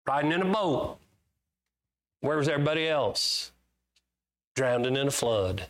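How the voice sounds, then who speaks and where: In a sermon full of folksy charm, this preacher quizzes the congregation and reads scripture aloud with mounting emphasis. His medium-pitched, slightly bright voice swings widely in pitch, and he keeps a measured pace.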